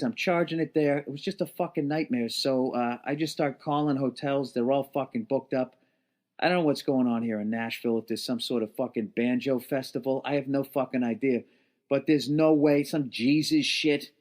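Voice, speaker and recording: A man hosting his podcast, telling a long profane story in a rambling, exasperated way, tired and worn out. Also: medium pitch. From United States. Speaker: podcast host. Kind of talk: casual storytelling monologue. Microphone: podcast mic at a laptop.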